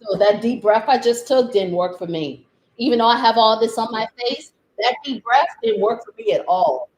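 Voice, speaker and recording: A woman talking off the cuff on a live stream from home, slightly high-voiced and swinging widely in pitch. She rants in exasperation and keeps breaking into laughter. It sounds unscripted and personal. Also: expressive, moderate pace, darkish tone, rough recording.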